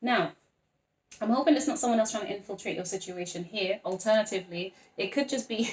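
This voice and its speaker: A woman's voice: medium pitch, quick pace, echoey room. A woman giving a casual, rambling tarot reading, chatty and full of apologetic asides. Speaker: tarot reader.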